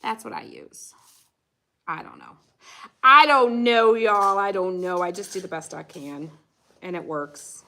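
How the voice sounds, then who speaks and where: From her home craft room, a woman chats casually on a livestream while painting, her medium-pitched voice measured in pace, pushed and bright. She's giggly and talkative, saying "y'all" often.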